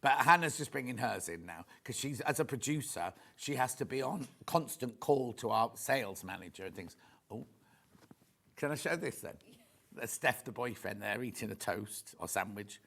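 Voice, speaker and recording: Gushing, lively man in a TV studio. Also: mid-range voice, moderate pace, gravelly. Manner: chatty, rambling, gushing asides. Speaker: shopping channel presenter. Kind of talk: live sales demo chat.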